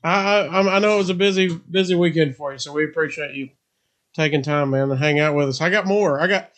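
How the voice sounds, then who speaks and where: A man's voice: on the high side, fast, fairly bright tone. A male interview host asking eager, chummy, curious questions in a casual chat.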